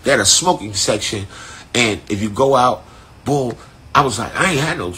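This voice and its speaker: A man telling a long story in a loose, animated way, heavy on profanity and street slang, over a phone on a live stream. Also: mid-range voice, normal speed, slightly rough. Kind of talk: casual storytelling.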